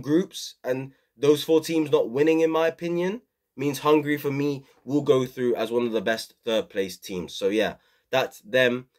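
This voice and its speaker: A young man hosting a casual football review vlog, rambling and opinionated, full of fillers. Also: medium pitch. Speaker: football channel host.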